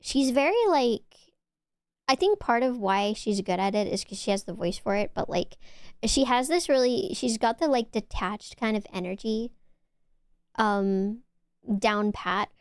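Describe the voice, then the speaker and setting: A young woman with a Valley Girl accent chatting on her stream, talking loosely with lots of "like"s and sometimes dropping to a soft whisper. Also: animated, unhurried, smooth, dry recording, studio quality. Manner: chatty, filler-heavy with many "like"s, dips into low whispers. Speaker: VTuber streamer. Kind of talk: casual chat stream.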